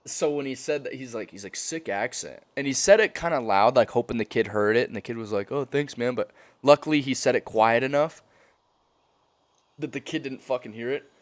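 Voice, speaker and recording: A young man telling a story on a stream in a casual, animated, profane way, laughing often. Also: mid-range voice, a little fast.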